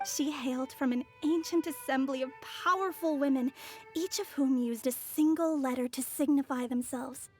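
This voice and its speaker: A woman's voice: high-pitched, fairly even intonation, normal speed, a little mellow, soft background music, close to an everyday voice. A woman voicing a poised, formal young messenger in a video game. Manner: formal, polite.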